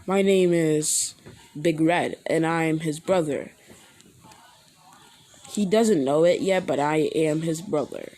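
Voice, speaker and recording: A woman voicing a young man back from the void, speaking with stiff politeness and a quiet, saddened manner. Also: on the high side, slow pace, long pauses. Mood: formal, polite.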